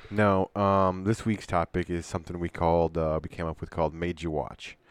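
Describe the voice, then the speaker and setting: A man with a low voice co-hosting a casual podcast, relaxed and a bit halting. He is recorded close and dry, with no room sound. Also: smooth, dry recording. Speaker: podcast co-host who picks the topic. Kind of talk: casual chat.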